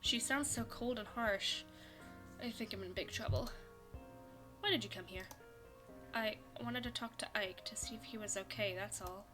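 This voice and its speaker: A young woman streams a visual novel, voicing the story and her character's lines and bursting into lively, laughing reactions. Her voice is mid-range and her pace moderate, with music playing behind her as she reads the game script and comments on it.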